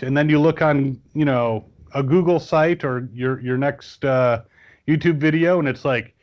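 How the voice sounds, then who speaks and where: A man's voice: fairly high pitch, normal speed, lo-fi sound. A man chatting casually as a guest on a podcast, rambling with many fillers and restarts. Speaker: guest toy reviewer.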